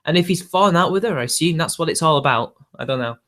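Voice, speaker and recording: Bloke rambling on a stream, bit higher pitched, lots of "i dunno"s and little laughs. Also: male voice, lively intonation, fast talker, a bit bright. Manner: rambling, hedging, frequent chuckles. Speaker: livestream host. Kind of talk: casual off-the-cuff chat.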